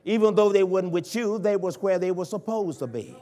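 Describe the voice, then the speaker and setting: A man, a bishop, preaching a sermon in a church, swinging from hushed pleading to loud, impassioned cries. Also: sits high, fairly quick. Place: church sanctuary.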